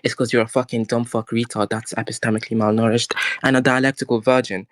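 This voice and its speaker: A man with a noticeable accent argues at a rapid clip, stacking dense philosophical terms and swearing at his opponent. His voice sits at a middle pitch and sounds dry and close, with no room around it. He stays combative throughout. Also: little pitch movement, no room sound. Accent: non-standard English accent. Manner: insulting, profane, dense philosophical jargon. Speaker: debater. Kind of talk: heated online voice-chat debate.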